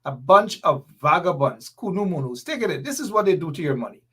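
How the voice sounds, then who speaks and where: A man hosts a live political commentary stream. He talks in fiery bursts, repeats his points, and reads out viewer comments as he goes. His voice sits fairly high for a man. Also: big pitch swings, brisk, a bit bright, slightly rough. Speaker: host.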